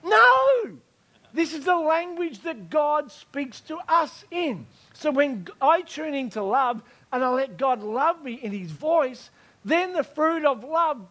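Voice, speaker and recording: A male preacher with a strikingly high voice delivers his sermon emphatically. He circles back on key lines and keeps checking that the room is following him. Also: expressive, a little slow, fairly bright tone. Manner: emphatic, repeats key phrases, checks in with listeners.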